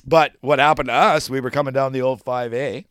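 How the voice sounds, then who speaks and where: A Canadian man co-hosting a podcast, telling a story in casual chat with loud swings into quoted speech and plenty of swearing. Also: a little fast, clear, resonant tone, no echo. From Western Canada. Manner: animated, swearing freely, jumps to loud high outbursts in quoted speech. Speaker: podcast co-host.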